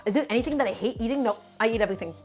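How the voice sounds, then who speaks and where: A woman with a fairly high voice runs a live cooking stream from her home kitchen. She speaks with emphatic, animated energy, often repeating her instructions. Faint music plays softly underneath her voice. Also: rapid-fire. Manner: emphatic and animated, repeats herself, calls viewers "my friends". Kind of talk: live cooking demonstration, chatting with viewers.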